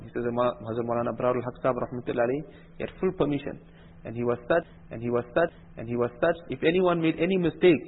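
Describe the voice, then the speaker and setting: A man's voice: medium pitch, breathy edge. A man giving an earnest religious sermon, often repeating phrases and mixing English with Urdu. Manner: earnest, repetitive, switching between English and Urdu. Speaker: religious speaker. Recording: tinny phone-like sound.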